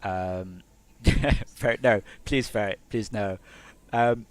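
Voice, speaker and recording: A man's voice: on the low side, slow. A man from Hertfordshire, England, a game developer chatting casually on a live stream in a rambling, self-mocking way.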